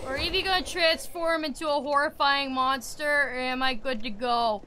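A young woman live-streaming a video game, talking to chat with exasperated grumbling, loud outbursts and playful menace. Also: high-pitched, fairly even intonation, normal speed, slight background noise.

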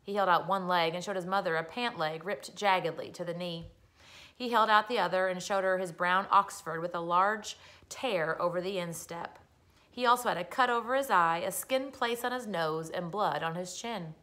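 A woman reading a children's story aloud, expressive and storytelling. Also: fairly low pitch, moderate pace. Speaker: reader.

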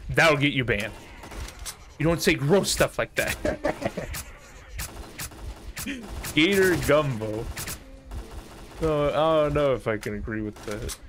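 Slow-talking joking male game streamer. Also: on the high side, expressive, noisy background. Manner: joking, profane, laughs often. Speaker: gaming streamer. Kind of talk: casual live-stream chat.

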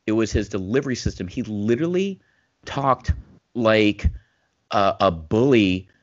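A low-voiced man co-hosting a podcast, talking in long winding runs full of restarts and growing emphatic as he makes his point. His voice sits deep, and the recording is dry and a little dull, as if through a remote mic. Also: unhurried, dry recording. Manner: rambling, restarts, grows animated and emphatic. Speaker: podcast co-host, former physician. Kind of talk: casual podcast conversation.

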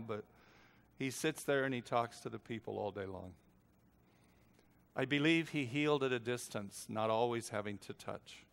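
An older man preaches by telling stories, moving from hushed lines to loud, dramatic ones. His voice sits a little high for a man, and a long reverb trails behind him. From United States. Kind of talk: narrative sermon storytelling.

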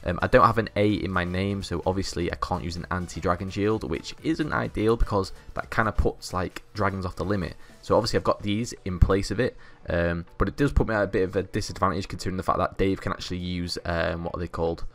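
A man's voice: low-pitched, fairly even intonation, quick pace, few pauses, a bit bright. Cocky young man narrating gameplay. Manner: cocky, boastful banter with crude swearing. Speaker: gaming channel host. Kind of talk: gameplay commentary.

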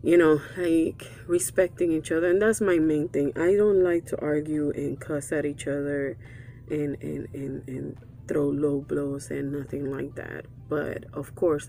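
Gravelly-voiced woman, earnest reflective talk. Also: low-pitched, dark tone, slight background noise. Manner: earnest, reflective, frequent restarts and fillers. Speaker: vlogger. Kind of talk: candid personal talk.

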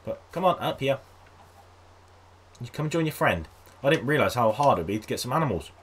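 A man giving casual let's-play commentary on a game, chatting to his viewers and coaxing animals along in a high sing-song voice. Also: animated, a little fast, a little hiss or hum. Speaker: gaming video host.

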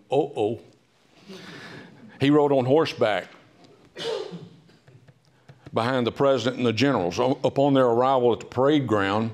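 A man giving an author talk in a library, telling history stories in a chatty, humorous way with many pauses and "uh"s. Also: medium pitch, a little mellow. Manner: chatty, humorous, with frequent "uh" fillers. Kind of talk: casual storytelling talk. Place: public library meeting room.

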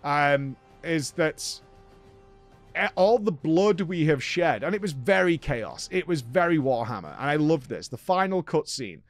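A man hosts a gaming show and talks through a game he has just played. He is chatty and enthusiastic and tends to ramble. His voice sits on the higher side. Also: expressive, measured pace, faint music behind. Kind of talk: casual game recap.

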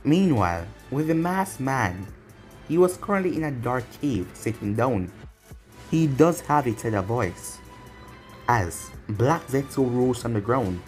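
A man's voice: medium pitch, animated, measured pace, darkish tone, faint music behind. A man narrating a fan fiction audio story in a plain storytelling way.

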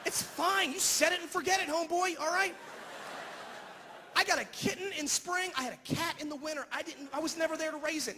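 A male stand-up comedian ranting on stage into a handheld mic and tossing out "all right?" between jokes. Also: extremely high pitch. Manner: rapid rant with repeated "all right?". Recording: reverberant hall, faint noise.

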